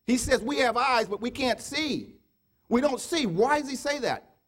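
A male preacher with a high voice that leaps all over the place. He fires rhetorical questions at his congregation over and over, pushing loud one moment and dropping to a murmur the next. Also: lively intonation, moderate pace. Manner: swings from loud urging to low murmured quotes. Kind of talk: sermon.

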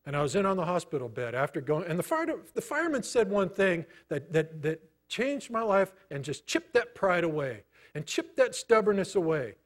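A middle-aged man preaching a sermon, telling a personal story in a conversational way with many pauses. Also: high-pitched, big pitch swings. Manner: storytelling, conversational, pausing often. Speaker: pastor.

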